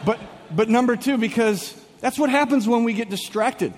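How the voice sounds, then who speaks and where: A young male pastor with a high voice tells a story from the pulpit, animated and quick to switch from rushing to slow, drawn-out lines. His voice carries through a large church with a long, lingering reverb. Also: a little hiss or hum. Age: young adult. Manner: animated storytelling, swings in pace. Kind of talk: sermon with a comic personal story.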